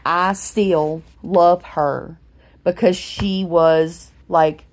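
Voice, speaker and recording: A woman in her forties speaks slowly in a low voice, like a vlogger talking to her viewers. She rambles and fills the gaps with ums, and she sounds a bit unwell while she sits in her recliner at home. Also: fairly even intonation. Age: 40s. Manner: rambling, chatty storytelling with many fillers. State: unwell, recovering from a head injury. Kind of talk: casual talking-to-camera vlog.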